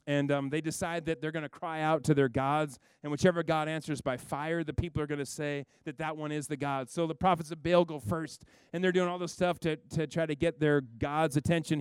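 A man preaching a sermon, telling a Bible story in a lively way and acting out its characters. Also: a little high, clear, resonant tone, no echo. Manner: animated storytelling, acts out biblical figures with a raised voice.

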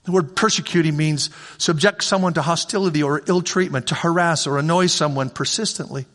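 A man's voice: fairly high pitch, a little fast, few pauses, a bit bright. A man preaching a sermon as pastor, in a conversational way that repeats phrases for emphasis. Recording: long reverb of a large hall.

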